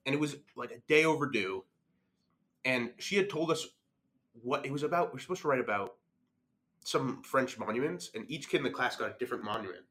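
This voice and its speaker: Young male podcast guest, bright clear voice, animated storyteller. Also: mid-range voice, brisk. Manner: animated, laughs while telling stories. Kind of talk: casual storytelling chat.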